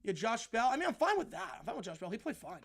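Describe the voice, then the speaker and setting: A man hosting a live stream, giving play-by-play football commentary and answering viewer chat between plays, getting excited on big plays and relaxed on the asides. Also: fast talker. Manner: rises into excited calls on big plays, drops low and casual when answering chat. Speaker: stream host calling games.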